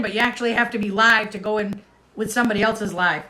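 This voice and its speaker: A woman's voice: mid-range voice, fairly even intonation, fast, sharp tone, low-quality recording. A woman hosting a casual livestream, chatting with viewers as she reads their comments. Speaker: host.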